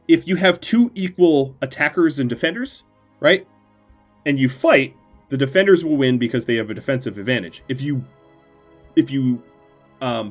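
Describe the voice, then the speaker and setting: A man streams a strategy game in casual, playful commentary, with a gleefully mock-villainous edge. His pitch moves about a great deal, while his voice stays at a middle height. Faint game music plays underneath.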